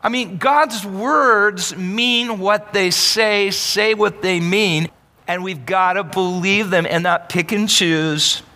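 A male pastor preaches with a high, ringing voice, pressing his points and prompting the congregation to answer. The sermon carries a long reverb, as if recorded in a large church sanctuary. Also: slow pace, bright, forceful tone. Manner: emphatic, calls on the congregation to answer.

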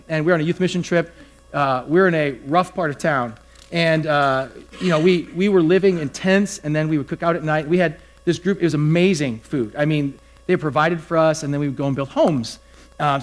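Male pastor, casual storytelling sermon delivery, slightly higher voice. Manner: conversational, animated storytelling with acted-out quotes.

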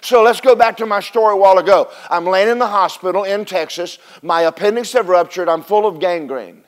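High-voiced man preaching a lively sermon. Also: fairly quick. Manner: animated, preaching with call-and-response and acted Bible voices. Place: church service with congregation responding.

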